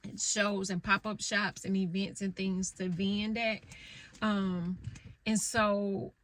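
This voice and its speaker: A woman's voice: medium pitch, little pitch movement, slow, a bit bright. A middle-aged woman vlogging from her parked car, telling stories in a blunt, rambling way and swearing freely. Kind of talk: casual candid storytelling.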